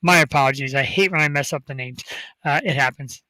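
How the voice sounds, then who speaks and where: A male talk show host hyping up upcoming guests in a rambling, excitable way. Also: medium pitch, fairly quick, dry recording, poor audio. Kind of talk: casual talk show chat.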